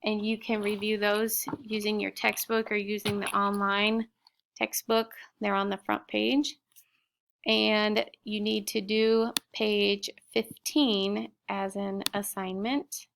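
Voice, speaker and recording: A middle-aged woman teacher slowly sounding out spelling words and explaining vocabulary in a recorded lesson. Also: mid-range voice, level tone, noisy background. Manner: slow, clear word-by-word sounding out.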